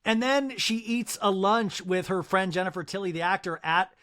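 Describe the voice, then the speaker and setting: Podcast host, young man, high voice, dishy and animated, given to quick mock impressions. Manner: gossipy, animated, breaks into mock impressions of reality stars. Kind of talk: casual chat.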